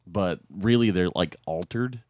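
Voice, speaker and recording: A man's voice: sits low, unhurried, darkish tone, dry recording. A man chatting casually while streaming a game, rambling between topics and laughing often. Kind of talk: casual chat while gaming.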